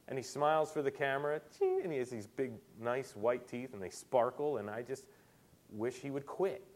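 A male preacher giving a sermon as an animated storyteller who acts out the people he quotes. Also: mid-range voice, moderate pace.

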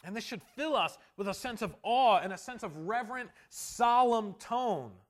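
A man with a high voice preaching a sermon as a pastor. He talks earnestly and slows down to press home the verses he quotes. He drops into quiet asides and then rises to loud emphasis. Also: animated. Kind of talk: expository sermon.

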